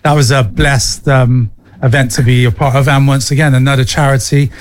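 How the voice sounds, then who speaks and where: Male radio host, mid pitch, loose conversational interviewer. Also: fairly even intonation, a little fast. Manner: chatty, many yeahs and restarts.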